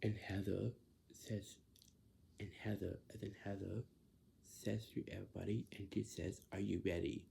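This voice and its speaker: A man's voice: fairly low pitch, little pitch movement, vocal fry, warm tone, slight background noise. A man in a casual spoken explanation who repeats himself, halts often and slips into whispers now and then. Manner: repetitive, halting, drifts into whispers.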